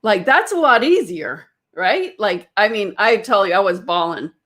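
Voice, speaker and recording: A woman's voice: medium pitch, expressive, moderate pace, fairly bright tone. A woman energy healer telling a personal story to a group in a casual, rambling way, with many fillers and restarts.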